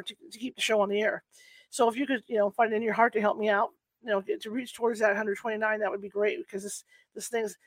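A man's voice: high-pitched, fairly bright tone, no echo. A man hosting a live paranormal talk show, chatting casually with many fillers and restarts, laughing at himself. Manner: rambling, self-deprecating, lots of fillers and restarts. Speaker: podcast host. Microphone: home computer setup.

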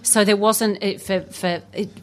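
A woman's voice: medium pitch, fairly even intonation, a little slow. A British woman comedian hosting a podcast, telling stories in a wry, chatty way. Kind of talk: casual podcast chat.

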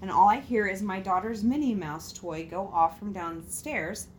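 Expressive woman reading spooky stories aloud. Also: medium pitch, normal speed. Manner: expressive, swears freely, laughs at her own jokes. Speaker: host reading out listener stories. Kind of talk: casual reading and chat.

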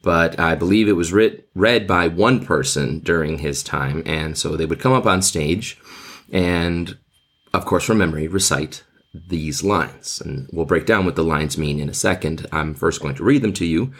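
Low-voiced man teaching literature. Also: moderate pace, a bit bright. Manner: conversational, many filler "uh"s and "right?". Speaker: high school English teacher. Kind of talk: podcast lesson on literature.

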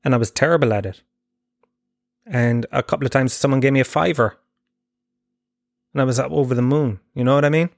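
A man talks his way through a comic podcast monologue, rambling and self-mocking with plenty of swearing. His pitch sits in an ordinary middle range. The recording is close and dry, with no room sound around it. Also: brisk, creaky, long pauses, no echo. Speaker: podcast host. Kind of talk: comedic casual monologue.

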